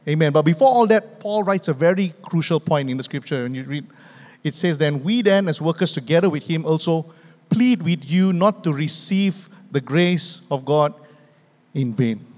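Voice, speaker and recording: A man's voice: on the high side, a little mellow. A man, preaching a sermon as pastor, emphatic and repetitive, calling out for amens. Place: church sanctuary. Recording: long reverb of a church hall.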